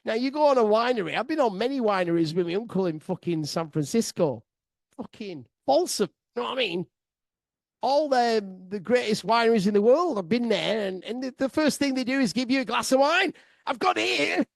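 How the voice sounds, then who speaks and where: A man telling a sweary comic travel story to his listeners, excitable, laughing often and swearing freely. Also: very high-pitched, normal speed, creaky, dry recording. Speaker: podcast storyteller.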